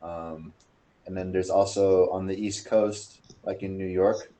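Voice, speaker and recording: A man's voice: low-pitched, fairly even intonation, unhurried, warm tone. A man from California with a Californian accent, talking casually with frequent hesitations. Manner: easygoing, hesitant ums. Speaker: language exchange partner. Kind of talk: casual online conversation.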